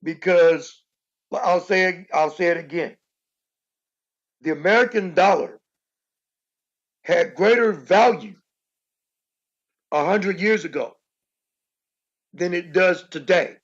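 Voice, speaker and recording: A man co-hosting a casual talk show, explaining his points emphatically and repeating them for stress, with a raspy voice. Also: high-pitched, takes it slowly, pauses often, lo-fi sound. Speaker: co-host. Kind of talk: casual podcast discussion.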